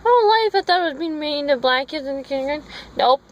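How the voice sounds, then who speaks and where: A woman's voice: high voice, quick pace, low-quality recording. A woman tells a long, rambling story for her vlog, wandering off on tangents and stopping to correct herself. She is recorded on a phone, with a faint hum of noise underneath. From Minnesota. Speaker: vlogger.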